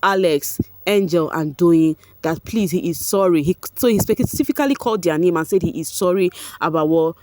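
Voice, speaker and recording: A woman's voice: on the low side, normal speed, hardly any pauses, no echo. Chatty Nigerian woman recapping gossip. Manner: chatty, animated, laughs often, slips into Pidgin. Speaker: vlogger recapping a reality show. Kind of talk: casual commentary.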